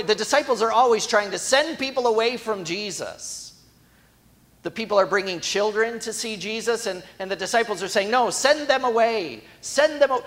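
A man's voice: high-pitched, fairly bright tone. A man preaching a sermon in a conversational storytelling way that builds to emphatic moments.

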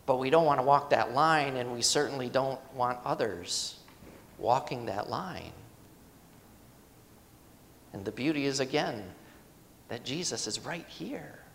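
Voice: medium pitch, unhurried, pauses often, a bit bright, long reverb tail. A pastor preaching a sermon in a conversational, emphatic way, asking the congregation rhetorical questions.

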